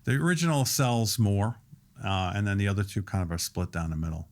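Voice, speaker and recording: A man in his sixties, a restaurant owner and guest on a podcast interview, explaining things at length in a steady, detailed way. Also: on the low side, brisk.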